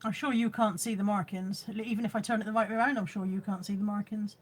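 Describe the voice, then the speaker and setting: A woman's voice: mid-range voice, fairly even intonation, fast, breathy edge. A middle-aged woman with a Bristolian accent, chatting casually on a livestream, reading viewer comments aloud and poking fun at herself. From Bristol, England. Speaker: livestream host selling boot sale finds. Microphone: phone camera.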